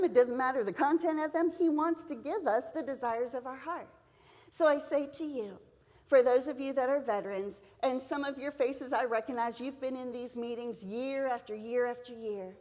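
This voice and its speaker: A woman's voice: high voice, normal speed, darkish tone. A middle-aged woman giving an earnest, encouraging devotional talk to teachers at a seminar, telling a personal story. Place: church hall. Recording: long hall reverb in a church.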